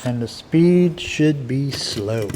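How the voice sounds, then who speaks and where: Working on a car outside, this DIY repair vlogger chats in a loose, folksy, rambling way. His mid-range voice is animated yet mellow and slow-paced, with slight background noise behind it.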